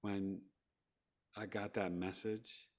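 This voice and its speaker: A podcast guest from New York, with a New York accent and a lowish voice, speaks slowly as he recounts his story. He's animated throughout, acting out quotes and often laughing.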